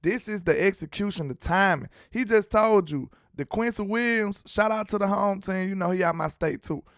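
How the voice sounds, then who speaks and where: A man hosting a sports fan show, talking in an animated, slangy way straight to his viewers. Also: sits high, moderate pace, no room sound, clean studio sound. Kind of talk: casual fan commentary with clips.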